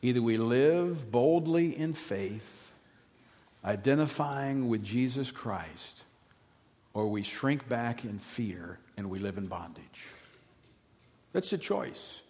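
A middle-aged pastor from Louisiana, preaching emphatically and swinging from loud declarations to hushed words. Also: male voice, medium pitch, lively intonation, takes it slowly. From Louisiana, USA. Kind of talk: sermon. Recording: reverberant hall.

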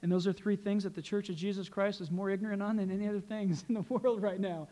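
A man preaching a sermon as pastor, animated and joking, laughing at his own quips. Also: sits high, fast talker, hardly any pauses, lo-fi sound.

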